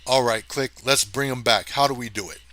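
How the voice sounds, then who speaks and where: A man doing a loud, brash space ranger. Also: mid-range voice, normal speed, close to an everyday voice. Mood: uneasy. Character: burly tough male space ranger, brash.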